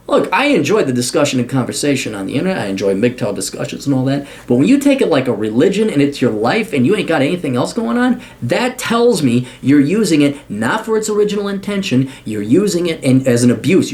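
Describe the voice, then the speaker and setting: A man's voice: fairly high pitch, a little mellow. A man giving a blunt, unscripted opinion monologue as a video commentator. He curses, sounds sarcastic and dismissive, and often stammers and restarts mid-sentence. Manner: blunt and combative, with frequent cursing.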